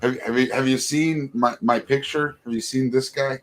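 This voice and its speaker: A man's voice: medium pitch, fairly even intonation, moderate pace. A man on a live stream chat, talking in an easygoing way with mumbled asides.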